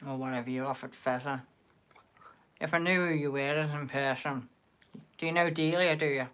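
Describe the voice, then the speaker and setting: A man's voice: fairly high pitch, fairly even intonation, normal speed, a bit bright, a little hiss or hum. A man with a Liverpool accent hosting a live stream, chatting and bantering casually with viewers in the chat. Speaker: livestream host.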